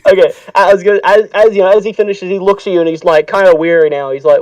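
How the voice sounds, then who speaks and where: A man's voice: high voice, fairly even intonation, fast, few pauses, darkish tone, dry recording, recorded from a distance, rough recording. A man narrating as game master for a tabletop game, rambling with lots of fillers and casual swearing.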